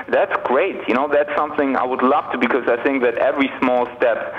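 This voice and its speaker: A man's voice: mid-range voice, a little fast, hardly any pauses. A man with a German accent speaks as an interview guest in an easygoing, rambling way, full of ums and you-knows. The line is muffled and lo-fi. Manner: relaxed, chatty, many fillers. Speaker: guest author. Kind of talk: phone-in radio interview.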